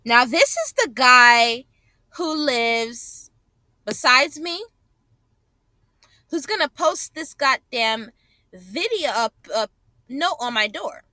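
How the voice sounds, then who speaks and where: A woman narrates her own home videos in an indignant, profane rant, circling back to the same phrases to drive a point home. Her voice sits high and bright, recorded close and dry with no room sound. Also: animated, slow, pauses often, no echo. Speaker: vlogger. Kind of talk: angry commentary over clips.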